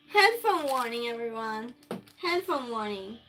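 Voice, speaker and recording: A woman's voice: high-pitched, animated, measured pace, loud music behind the voice. A woman streamer chatting casually with her viewers while she cooks in her home kitchen, talking to herself as she works. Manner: chatty, talks to herself and to chat while cooking. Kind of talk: casual livestream chat while cooking.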